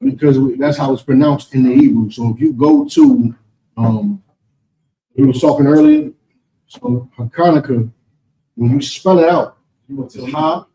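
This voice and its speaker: A man's voice: mid-range voice, mellow, distant mic, a little hiss or hum, low-quality recording. A man with an American accent teaching and answering questions in a preaching session, emphatic and rhetorical, often asking "you understand?".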